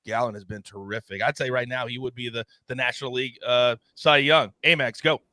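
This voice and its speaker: A man hosting a sports betting show, animated and theatrical, swinging his voice up and down for emphasis. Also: a little fast, no room sound. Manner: animated and theatrical, big swings in pitch and volume. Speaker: host.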